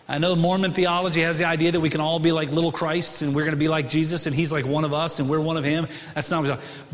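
A middle-aged man preaching a sermon to his congregation in a church, conversational and animated, often asking the room questions. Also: high-pitched. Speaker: pastor. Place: church sanctuary. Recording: long hall reverb.

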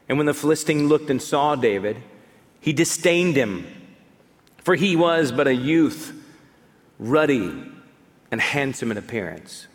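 A man preaching a sermon as a pastor, animated and building to fired-up exhortation. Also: medium pitch, in a large hall.

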